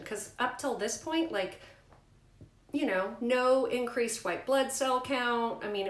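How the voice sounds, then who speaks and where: A woman telling a personal family story to her viewers, candid and emphatic, with animated outbursts as she retells what others said. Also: a little high, echoey room. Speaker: mother sharing a family health story.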